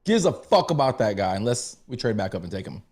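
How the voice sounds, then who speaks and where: A man co-hosting a podcast in quick, crude banter, laughing and ribbing the others. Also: lowish voice, big pitch swings, a little mellow, slightly rough. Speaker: podcast co-host.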